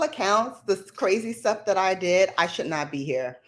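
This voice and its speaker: A woman's voice: medium pitch, animated, moderate pace. A woman hosting a casual livestream, chatting in a rambling way, laughing often and reading out viewer comments. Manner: reads viewer comments aloud. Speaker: livestream host. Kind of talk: casual live chat.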